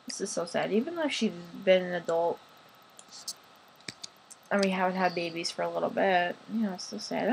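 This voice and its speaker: A woman's voice: fairly low pitch, moderate pace, creaky, long pauses, noisy background. A young woman casually commenting on her life-sim gameplay in a chatty, playful way. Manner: chatty, playful, sighing over game moments. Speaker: gaming channel host.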